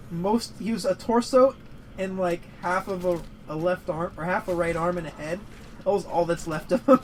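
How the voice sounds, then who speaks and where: A man's voice: high voice, darkish tone, a little hiss or hum, rough recording. A young man chatting casually as a podcast co-host, rambling, swearing and laughing often while he games. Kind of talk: casual gaming chat.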